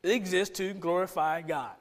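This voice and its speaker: High voiced guy pastor, chatty sermon, lots of why questions, jokes with the crowd. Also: normal speed. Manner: asks many rhetorical questions; informal, joking with the congregation. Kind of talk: conversational sermon.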